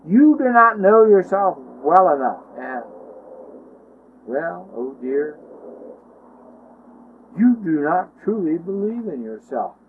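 A man voicing a gentle, wise old male beggar who speaks softly and slowly. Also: sits high, very animated, a little hiss or hum, heavily acted. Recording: tinny phone-line sound.

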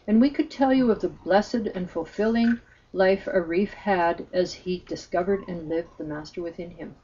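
A woman narrating a spiritual story in a gentle, earnest way, on a slightly muffled recording. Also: on the low side, normal speed, a little hiss or hum.

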